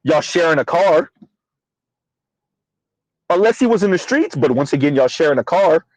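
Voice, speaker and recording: Rambling man, slightly high voice, dry sound. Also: animated, normal speed, dry recording, poor audio. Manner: rambling, filler-heavy, talks to chat; refers to himself in third person. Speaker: commentary channel host. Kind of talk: casual livestream commentary.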